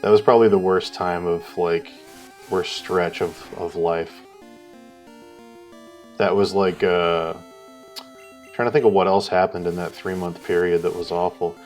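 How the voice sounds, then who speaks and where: A man's voice: low-pitched, steady tone, unhurried, long pauses, faint music behind. A man co-hosting a live art stream, telling a rambling story in casual chat, swearing and acting out what people said. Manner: rambling, swears, acts out quotes loudly.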